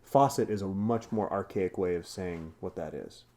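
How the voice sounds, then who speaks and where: A man co-hosting a casual podcast chat in a put-on American Southern drawl, playful and quick to laugh, explaining things at length. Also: deep voice, dark tone. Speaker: podcast co-host.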